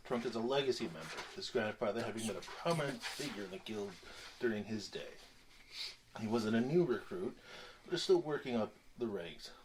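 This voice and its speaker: A man's voice: lowish voice, animated, fairly quick. A man at a tabletop game steadily reading his thief character's backstory. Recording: hissy home recording.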